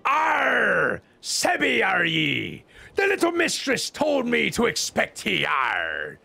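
A gruff old sea captain, as a man puts him on, gravelly and rough, barking then sinking into deep rumbles. The voice swings hugely up and down, raspy all through. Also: wildly swooping pitch, takes it slowly, bright, forceful tone, faint music behind, exaggerated voice. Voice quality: gravelly growl. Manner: growls "arr" and drops into rumbling lows. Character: gruff old male pirate skipper. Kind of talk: comedic game voice-over.

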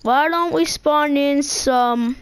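Excitable high-voiced woman gaming. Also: slow pace, no echo. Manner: excitable, silly boasting. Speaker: gaming video maker. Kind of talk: let's-play commentary. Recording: game music over the voice. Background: video game music.

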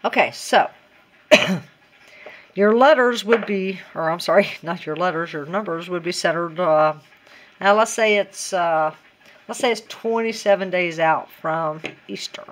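A woman's voice: on the low side, unhurried. A woman in a casual DIY craft tutorial, chatty and giggly and talking to herself as she works.

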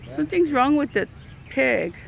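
Gravelly high-voiced woman cooing at animals. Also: very animated, normal speed, slight background noise. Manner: coos at animals in a playful sing-song voice. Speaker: vlogger filming a ranch visit. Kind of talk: casual running commentary. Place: outdoors at an animal ranch.

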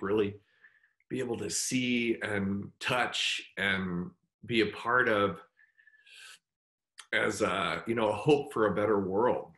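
A middle-aged man speaking as a guest in a casual interview, halting and heartfelt. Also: fairly low pitch, fairly bright tone. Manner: halting, full of fillers and restarts; heartfelt, open about his feelings. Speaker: guest actor.

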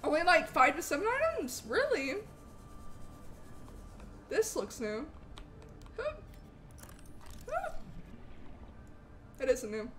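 Excitable high-voiced woman streamer. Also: slow, long pauses. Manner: excitable, swings between loud shouts and low mutters. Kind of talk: live gameplay commentary.

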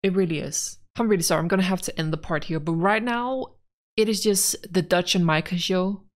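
A woman's voice: on the low side, fairly quick. A woman giving casual gameplay commentary, rambling frankly and with exasperation about the story as a let's play gamer.

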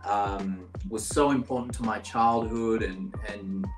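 A man's voice: fairly low pitch, slow, roomy sound, music in the background, low-quality recording. A man in his thirties from Brazil, an actor guest casually telling stories with lots of filler words over a video call. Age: 30s. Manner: relaxed, rambling, many "like" fillers. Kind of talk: casual storytelling interview.

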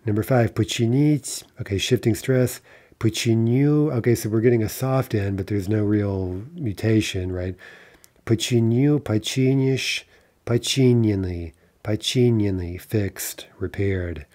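A male language teacher with a low, mellow voice, explaining grammar step by step. He keeps checking in with his listeners and sounds easygoing and patient. It feels like an unscripted classroom lecture. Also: unhurried. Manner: explanatory, frequent "right?" and "okay" checks. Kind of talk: lecture-style grammar lesson.

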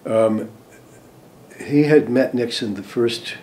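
An older American man, a former diplomat, recalling events in an interview, hesitant with many ums and restarts, trailing off softly at phrase ends. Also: mid-range voice, takes it slowly, a little hiss or hum. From United States. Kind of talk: interview recollection.

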